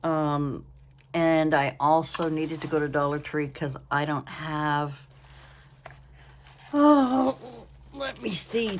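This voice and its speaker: A woman's voice: deep voice, a little hiss or hum. An older woman hosting a casual crafting vlog from home, tired and yawning, chatting in a rambling, apologetic way. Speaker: craft channel host.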